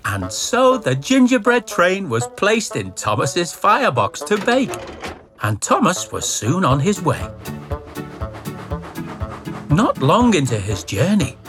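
A storyteller reading a children's picture book aloud with playful, expressive delivery and sound words. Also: medium pitch, unhurried. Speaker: narrator. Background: children's music.

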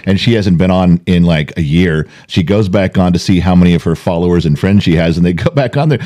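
Deep-voiced and brisk, the older co-host spins lively stories during casual podcast conversation, performing the voices of each character.

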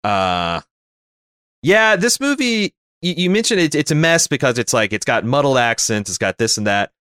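A man's voice: mid-range voice, sing-song, moderate pace, a bit bright, smooth, dry recording, clean studio sound. A man from North America co-hosting a casual movie chat, wry and rambling, full of fillers and restarts. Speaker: podcast co-host.

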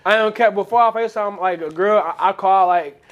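High-voiced young man, loose chat. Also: fairly quick, fairly bright tone, highs cut off. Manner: loose and rambling, laughs often. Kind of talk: casual chat.

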